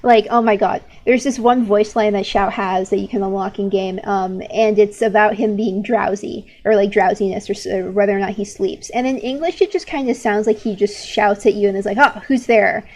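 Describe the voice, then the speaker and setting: A woman's voice: mid-range voice, steady tone, a little fast, hardly any pauses, a little mellow. A young woman in her late teens chatting casually while drawing on an art stream, rambling and opinionated, with lots of "like" fillers and restarts.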